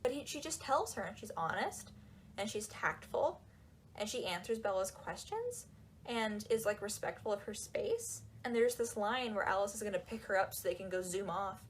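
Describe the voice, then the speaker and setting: A woman talking in a casual, animated and sarcastic way, with lots of "like"s, while she folds laundry. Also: mid-range voice, moderate pace, a little hiss or hum. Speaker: book reviewer. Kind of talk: casual chat.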